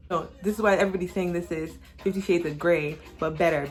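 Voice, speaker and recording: A young woman casually recapping a movie on her vlog, sassy and animated, acting out the characters as she talks. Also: on the low side, quick pace, hardly any pauses. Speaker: vlogger reviewing a movie while doing makeup. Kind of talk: casual chat.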